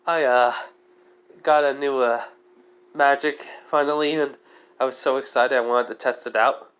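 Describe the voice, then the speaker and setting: A man's voice: medium pitch, steady tone, normal speed, fairly bright tone, clean tone, lightly acted. A man voicing a shy, nervous young male adventurer who stammers and hesitates as he speaks. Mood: flustered.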